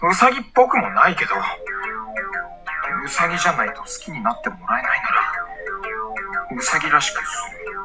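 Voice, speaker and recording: A man's voice: a little high, wildly swooping pitch, fast talker, long pauses. An actor voicing a touchy, devoted young rabbit-eared man in a dating game, blunt and insistent. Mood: sulky. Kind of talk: dubbed dating-game voice acting. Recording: game audio with faint music. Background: faint game music.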